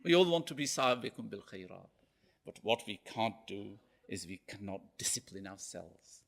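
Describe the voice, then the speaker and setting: A man's voice: fairly low pitch, animated, moderate pace, vocal fry, slightly rough. A man giving a Friday sermon as a preacher, telling a story animatedly and often checking in with "okay?".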